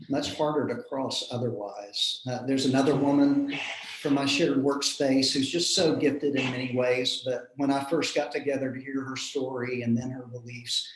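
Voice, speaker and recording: A man, a minister telling a personal story in an earnest, reflective way with soft chuckles. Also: mid-range voice. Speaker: minister in a panel discussion. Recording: roomy echo.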